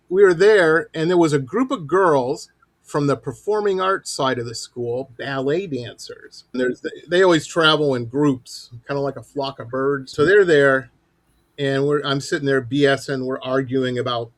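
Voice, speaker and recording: A middle-aged man hosting a show and telling stories in a lively, animated way. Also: medium pitch, normal speed, no room sound. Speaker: host. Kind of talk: casual storytelling.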